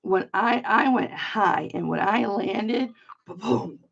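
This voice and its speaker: Slow-paced and gravelly, this mid-range woman's voice is also a bit bright. She's a middle-aged Michigan auction host on a chatty livestream, rambling through a story bluntly and swearing freely. The recording is slightly dull lo-fi stream audio.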